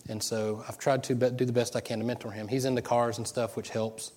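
A man's voice: mid-range voice, flat delivery, a little fast, darkish tone. Middle-aged man preaching, rambling storyteller. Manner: rambling, personal storytelling with frequent restarts. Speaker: pastor. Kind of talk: informal sermon.

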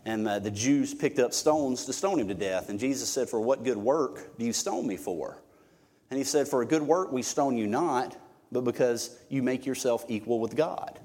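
A man's voice: mid-range voice, moderate pace, darkish tone, breathy edge. Man, pastor, conversational and emphatic preaching, echoing sanctuary. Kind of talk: sermon. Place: church sanctuary. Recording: long hall reverb.

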